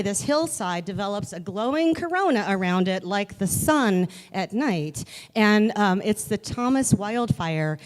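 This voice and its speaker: A woman telling a personal story in an animated, chatty way, with many fillers. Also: medium pitch, long reverb tail.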